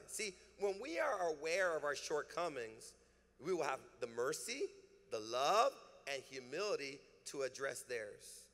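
Bright-voiced man preaching in a hall. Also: very animated, moderate pace. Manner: preaching with call-and-response prompts to the congregation; swings between loud emphatic peaks and quiet low asides. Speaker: pastor. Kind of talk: sermon. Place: church sanctuary. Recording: reverberant hall.

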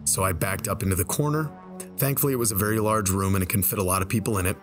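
Low-voiced man telling a story. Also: over music. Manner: conversational, slows down for tense moments. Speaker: storyteller and game video creator. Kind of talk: casual spoken storytelling. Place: voice-over over gameplay footage. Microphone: desk microphone.

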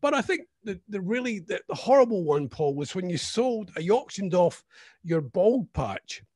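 A man's voice: sits high, sing-song, normal speed, darkish tone, no echo, clean studio sound. A man co-hosting a radio show, teasing his partner with mock-serious questions in casual banter. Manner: teasing, hesitant, full of restarts. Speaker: radio co-host.

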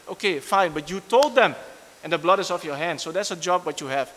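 A man's voice: sits high, lively intonation, a little fast, sharp tone, in a large hall. A man preaching a sermon in an earnest, emphatic way, often repeating his phrases.

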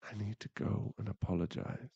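A man's voice: fairly low pitch, fairly even intonation, a little fast, vocal fry, warm tone, breathy edge, dry recording, lo-fi sound, full character voice. A man voicing a young boyfriend who is hot-tempered but remorseful, in a whispered role-play, swearing and then murmuring apologies.

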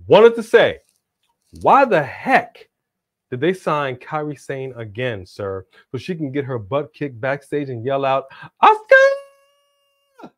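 A man's voice: mid-range voice, no echo, studio quality. A man co-hosting a live wrestling prediction stream, chatting casually and now and then bursting into a hype-announcer delivery.

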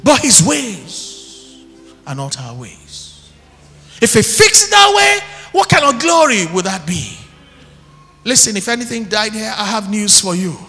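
A man preaching an impassioned sermon, shouting one moment and dropping low the next, recorded live in church. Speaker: pastor. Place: church hall. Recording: live church recording with long hall reverb.

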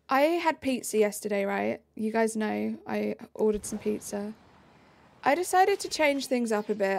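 A woman's voice: mid-range voice, creaky, darkish tone. A young woman live streaming, answering chat messages in a bubbly, casual way.

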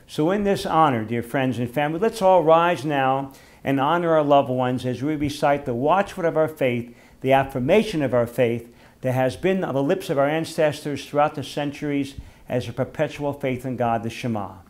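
An older male rabbi speaks at a memorial service at an average pitch. His delivery is gentle and heartfelt, the pace of a storyteller who slows down for readings and prayers.

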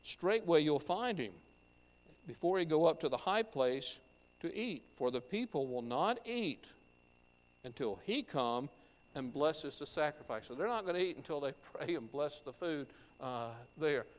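Male pastor, sermon delivery, scripture reading with commentary; slightly high voice, long church reverb. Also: lively intonation, unhurried. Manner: reads scripture aloud and explains it verse by verse. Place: church sanctuary.

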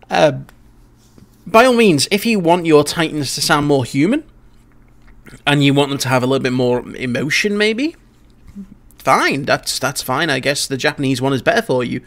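This man hosts a casual reaction video on YouTube, speaking in a fairly high, somewhat bright voice. His take comes out blunt and conversational, with frequent sentence restarts.

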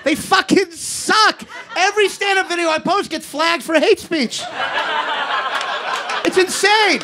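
A man in his thirties doing a stand-up set in a comedy club, ranting in an exasperated way and shouting his punchlines into a handheld mic. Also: very high voice, unhurried. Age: 30s. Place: comedy club basement before a live audience. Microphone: handheld stage microphone. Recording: live club recording with audience noise. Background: audience laughter.

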